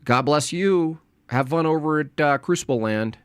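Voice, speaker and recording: A man's voice: a little high, moderate pace, clear, resonant tone, dry recording. A man hosting a casual livestream, coughing and losing his voice, who rambles tiredly with many hesitations. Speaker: livestream host.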